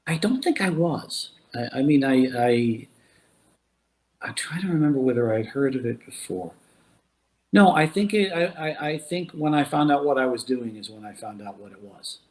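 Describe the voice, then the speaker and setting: A man's voice: mid-range voice, animated, moderate pace, a little mellow. A man, a voice actor, talking casually in an interview, often repeating words as he searches for his thoughts. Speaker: voice actor guest.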